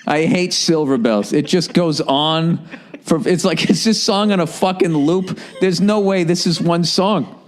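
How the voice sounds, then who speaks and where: A man's voice: on the high side, measured pace. A man hosting a podcast, telling stories in casual chat with a sarcastic, profane manner. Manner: profane, sarcastic, animated storytelling. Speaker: podcast host. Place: indoors at home by a fire.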